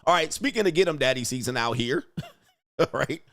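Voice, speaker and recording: A man hosting casual reaction commentary, animated and laughing often as he mimics people in quotes. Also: medium pitch, fairly quick. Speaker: commentary host.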